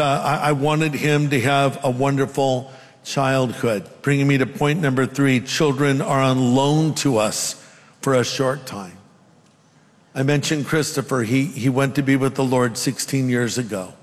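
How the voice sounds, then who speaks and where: An older man preaching a sermon in an earnest, conversational way, with asides to the congregation. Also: mid-range voice. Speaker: pastor. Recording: long hall reverb.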